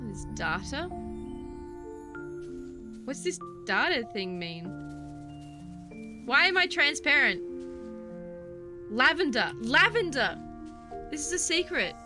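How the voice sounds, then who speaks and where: Excitable woman gamer. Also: sits high, slow pace, pauses often. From Australia. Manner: chatty, easily spooked, joking. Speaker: gaming streamer. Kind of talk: let's play commentary. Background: game music.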